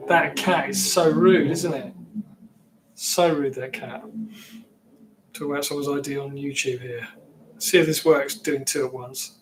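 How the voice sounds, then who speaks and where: A man's voice: medium pitch, steady tone, a little slow, long pauses, noisy background. A man from England with an English accent, rambling casually as he chats with viewers on his livestream. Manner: rambling, chatty, reacting to viewers. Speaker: livestream host.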